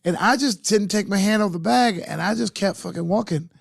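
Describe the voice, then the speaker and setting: A man co-hosting a podcast, telling animated, profane anecdotes with stumbling restarts. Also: high-pitched, fairly quick, gravelly, dry recording, studio quality. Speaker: podcast co-host. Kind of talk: casual chat, storytelling. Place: podcast studio.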